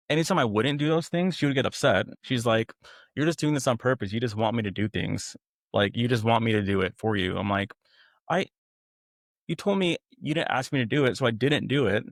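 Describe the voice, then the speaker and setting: Low-voiced young man telling his story. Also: no echo, studio quality. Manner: conversational, quotes others in acted voices. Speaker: guest. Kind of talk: candid personal storytelling.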